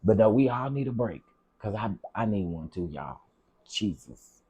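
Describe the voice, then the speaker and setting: Low mellow guy on a livestream, talkin to chat, repeats stuff, gets kinda teary. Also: animated, normal speed, slightly rough, highs cut off. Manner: chatty, greets viewers by name, repeats himself; heartfelt, on the edge of tears at times. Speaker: livestream host reading viewer comments.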